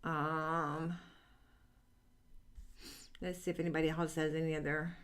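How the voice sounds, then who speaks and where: Chatty woman, low voice, rambling on a live stream. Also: level tone, unhurried, clear, resonant tone. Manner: rambling, with many fillers and restarts; earnest and upbeat. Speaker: psychic reader hosting a live stream. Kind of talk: casual live-stream chat.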